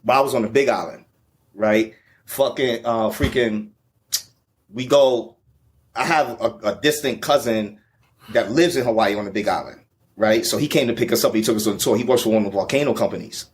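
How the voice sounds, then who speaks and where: A man's voice: on the low side, fairly quick. A man, the featured guest, telling a travel story in a casual, profane, slang-heavy way.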